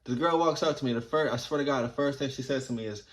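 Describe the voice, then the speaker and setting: A man's voice: mid-range voice, quick pace. A man in his thirties from New Jersey telling childhood stories in a laid-back, rambling way, swearing freely. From New Jersey, USA. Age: 30s. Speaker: vlogger. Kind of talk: casual storytelling.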